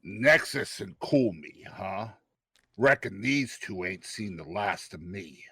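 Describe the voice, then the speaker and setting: A man doing a gruff drawling cowboy sheriff. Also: fairly low pitch, animated, slow pace, a bit bright, exaggerated voice. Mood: determined. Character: rugged no-nonsense cowboy sheriff, late thirties. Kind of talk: reading a comedy script aloud.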